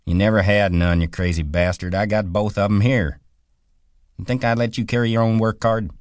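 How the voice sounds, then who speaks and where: A man voicing a small, irritable, weary ranch hand who talks gruffly and swears in exasperation, in an audiobook. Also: on the low side, fairly even intonation, normal speed, no room sound, studio quality, pitched above the performer's own voice, natural voice. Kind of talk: audiobook character voice.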